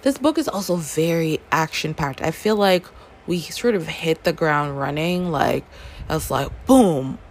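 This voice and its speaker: A woman's voice: deep voice, a little slow, slight background noise. A woman reviewing a book in casual chat, talking animatedly and acting out reactions in little quoted voices. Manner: chatty, acts out readers' reactions in quoted voices.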